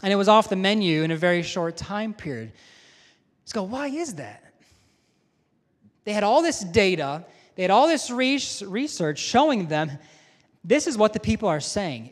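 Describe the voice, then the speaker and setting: Man, school head, chapel talk to students, playful questions to the crowd, somewhat high voice, long hall echo. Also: animated, normal speed. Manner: conversational, joking, asks audience questions. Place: large chapel or auditorium with balcony.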